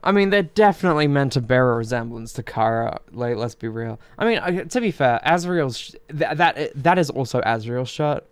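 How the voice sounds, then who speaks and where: A man's voice: medium pitch, expressive, a little fast, hardly any pauses, clear, resonant tone, no room sound. A young man streaming a video game, joking and swearing while reading characters' lines aloud in playful put-on voices.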